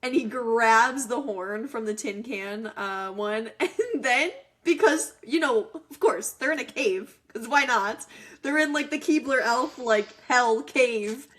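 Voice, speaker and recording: Woman, podcast co-host, joking, chatty, fillers, slightly high voice. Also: takes it slowly, a bit bright. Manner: chatty, joking, frequent likes. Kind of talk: casual movie chat.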